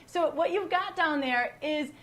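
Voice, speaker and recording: A woman from the United States teaching a casual wine class online, her voice high and bright in pitch. She talks in a chatty way and teases her audience with running jokes. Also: a little slow. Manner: chatty, joking, teasing. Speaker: wine educator and host.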